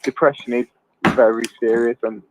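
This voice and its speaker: A man's voice: medium pitch, flat delivery, moderate pace, slight background noise. A male caller, chatting casually and ranting, calling the host mate and son. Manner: ranting, swears, calls people mate and son. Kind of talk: casual chat. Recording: tinny phone line.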